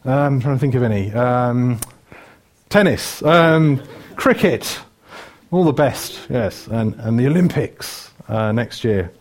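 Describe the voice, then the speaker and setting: A man's voice: mid-range voice, expressive, slow. Chatty joking male preacher. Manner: chatty and joking, lists things with many fillers. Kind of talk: sermon.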